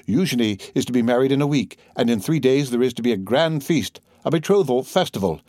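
A man voicing a timid, gentle young woman who speaks softly and anxiously in an audiobook reading. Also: medium pitch, expressive, a little fast, dry recording, clean studio sound, voice pushed up, natural voice.

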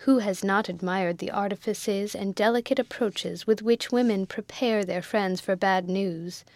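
A woman narrating a classic novel in a measured, even storytelling way. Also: medium pitch, no echo. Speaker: audiobook narrator.

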